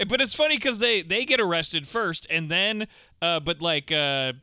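A man's voice: high voice, animated, normal speed, bright, forceful tone, smooth, no echo. A man co-hosting a movie podcast, blunt and teasing, swearing casually as he recaps the plot. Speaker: podcast co-host. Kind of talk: casual chat.

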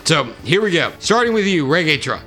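A man hosting a casual podcast, running a movie quote game with loud, profane banter. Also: on the high side, sing-song, brisk, faint music behind.

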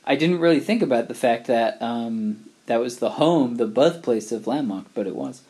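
A man's voice: mid-range voice, lively intonation, normal speed, dark tone, breathy edge. A middle-aged man from England, talking in a wry, rambling, digressive monologue. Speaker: vlogger. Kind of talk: casual monologue.

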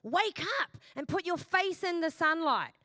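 A woman pastor preaching a sermon in a lively, chatty way, with self-mocking asides and repeated questions to the congregation. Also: very high-pitched, measured pace, dry recording.

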